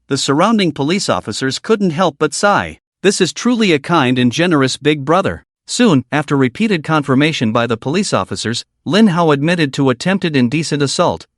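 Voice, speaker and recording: A man narrating a story recap in a steady, dramatic storytelling way. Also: a little high, no room sound, studio quality.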